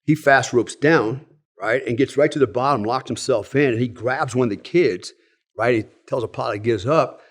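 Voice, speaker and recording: A middle-aged man from the United States, a former soldier telling stories in a relaxed, casual way, with many fillers and asides. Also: medium pitch, moderate pace. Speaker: guest, former Delta Force soldier. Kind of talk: casual storytelling.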